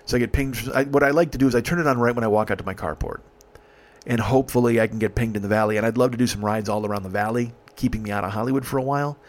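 A man's voice: mid-range voice, racing. A man with an ordinary mid-range voice tells a long comic story in a loose, rambling way. He swears often and slips into the other people's lines as he goes. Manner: rambling, profane, acts out dialogue. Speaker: podcast host, rideshare driver.

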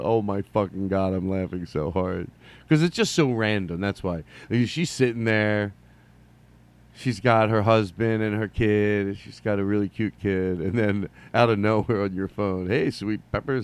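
A middle-aged man hosting a solo comedy podcast, rambling and joking, jumping from loud bursts to mumbled asides. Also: fairly low pitch, clear, resonant tone. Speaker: podcast host.

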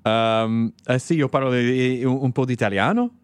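A man's voice: medium pitch, moderate pace, clean tone, dry recording, studio quality. A man co-hosting a comedy podcast, chatting casually and joking around. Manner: jokey, slips into silly put-on voices. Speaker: podcast co-host.

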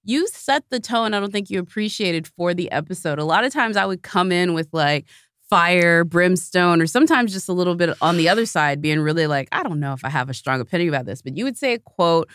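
Animated woman co-host with a lowish voice. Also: a little fast, clean tone, dry recording, studio quality. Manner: animated, emphatic, laughs often. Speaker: podcast co-host. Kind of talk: casual podcast chat. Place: studio.

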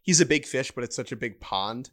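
A man co-hosting a baseball podcast in casual chat, dropping quick wry jokes. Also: mid-range voice, expressive, bright, forceful tone. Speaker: podcast co-host.

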